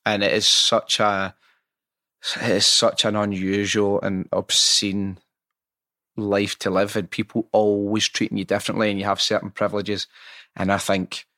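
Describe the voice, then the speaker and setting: A man hosting a casual interview, telling stories in an animated, sweary way. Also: on the low side, moderate pace, dry recording, clean studio sound. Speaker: podcast host.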